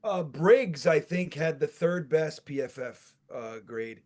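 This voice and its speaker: A man co-hosting a casual sports podcast with a New York accent, talking in an animated, profane rant that builds to shouts. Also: fairly high pitch, slow pace. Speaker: podcast co-host.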